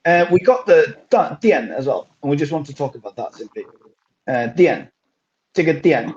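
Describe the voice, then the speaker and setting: Male language teacher, patient and methodical, mellow timbre, muffled lo-fi sound. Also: fairly high pitch, animated, moderate pace. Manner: patient, explaining step by step. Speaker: Chinese teacher. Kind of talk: language lesson with code-switching. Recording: dull lo-fi recording.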